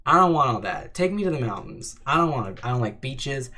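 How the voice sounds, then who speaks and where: Animated man chatting on a stream. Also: mid-range voice, a little fast. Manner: rambling, joking, full of fillers. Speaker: streamer answering chat. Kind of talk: casual livestream chat.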